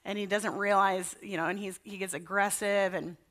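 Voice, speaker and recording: A woman pastor in her thirties delivers a relaxed, conversational sermon with a bright, clear tone. She tells stories as she goes and keeps things loose with everyday fillers. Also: medium pitch, moderate pace. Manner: warm anecdotal storytelling with casual fillers.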